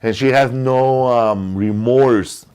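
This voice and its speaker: A man's voice: medium pitch, slow, darkish tone, clear, resonant tone. Man, podcast host, rambling casual chat, swears a lot, says bro, studio.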